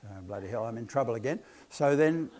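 A man's voice: mid-range voice, lively intonation, fast talker, a little mellow. A man giving a hypnotherapy talk to an audience, telling chatty, self-deprecating stories about his cases. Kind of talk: anecdotal lecture to an audience.

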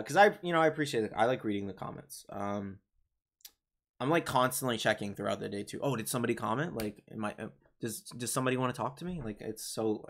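A young man hosting a livestream, chatting casually and rambling through viewer comments with lots of fillers and restarts, his voice a little worn from talking. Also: mid-range voice. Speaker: livestream host. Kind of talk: casual live chat reading viewer comments.

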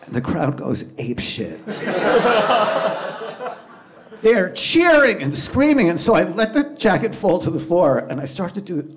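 Animated high-voiced male storyteller. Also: recorded from a distance. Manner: animated, self-deprecating, acts out the scenes. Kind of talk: live personal storytelling. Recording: echoey room with clear background noise.

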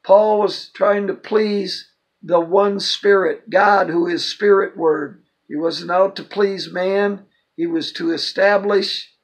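An older man giving an informal Bible teaching, emphatic and quoting scripture with quick asides. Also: high voice, slightly rough, rough recording.

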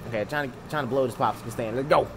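A young man giving excitable, jokey commentary on a driving game, laughing and shouting often. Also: medium pitch, racing, noisy background. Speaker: gameplay commentator. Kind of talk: live let's-play commentary. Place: home room.

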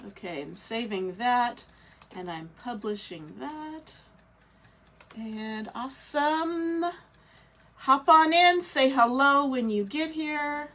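A woman's voice: high-pitched, slow pace, sharp tone. A woman hosting a casual live craft demo from a small studio, chatty and welcoming, thinking aloud as she works, with a scratchy throat and stuffy nose. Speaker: craft livestream host.

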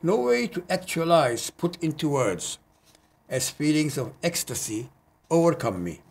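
A man, a poet, reading his own poems in an earnest, measured way, with hesitant spoken asides between them. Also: a little high, sing-song, creaky, husky. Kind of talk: poetry reading. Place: community TV studio.

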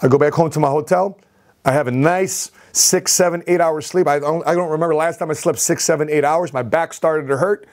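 In this casual vlog, an entrepreneur with a fairly high voice recounts his story directly to the camera at a fairly quick clip. He's lively and keeps circling back to phrases he's already said.

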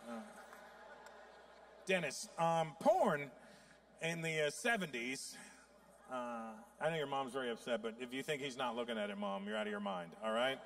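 A man in his fifties doing stand-up comedy in a high, lively voice that leaps around. He tells his stories with plenty of profanity and throws in sudden loud outbursts. The delivery stays animated and conversational. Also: normal speed, creaky, pauses often. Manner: profane storytelling.

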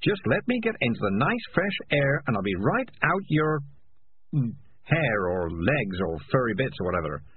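A man's voice: mid-range voice, sing-song, normal speed, slightly rough, pitched above the performer's own voice. A man voicing a sardonic, self-serving talking tomcat with a wry, cocky manner. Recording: tinny lo-fi audiobook recording.

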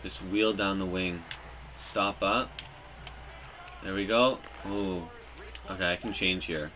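Man, gaming commentary, unhurried, somewhat low, bright edge, jokey and excitable. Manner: excitable, jokey, bursts into loud cheers. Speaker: gaming YouTuber. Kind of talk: live gameplay commentary.

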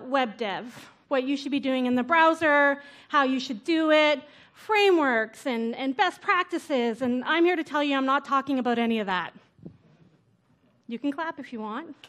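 A woman speaker at a conference, telling her story in a relaxed, chatty way full of "like" and "right?". Her voice sits noticeably high. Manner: casual, chatty, lots of "like" and "right?". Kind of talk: conference talk. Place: conference stage before an audience.

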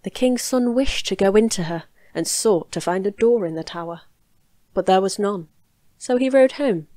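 A woman reads a fairy tale aloud in a calm, measured way, her voice sitting at a middle pitch. The recording is dry and close, made in a small home studio. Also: no echo. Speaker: storyteller.

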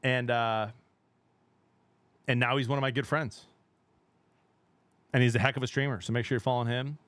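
A middle-aged man streaming games, chatting casually with his viewers. He talks in a chatty, excitable way, laughs often and trails off mid-sentence. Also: medium pitch, normal speed, no room sound. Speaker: game streamer. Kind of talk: casual live-stream chat.

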